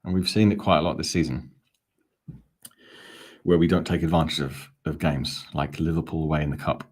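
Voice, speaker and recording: A man's voice: rumbling low, fairly even intonation, moderate pace, breathy edge. A man hosting a live football fan watch-along, calling the play and chatting back to viewer comments. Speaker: fan channel host.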